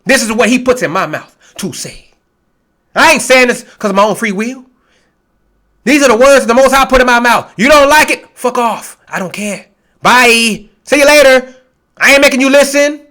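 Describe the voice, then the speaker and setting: Preaching in a street style, this man reads from the Bible and hurls blunt, confrontational, profanity-laced words. His pitch is extremely high, his tone sharp, and his pace moderate.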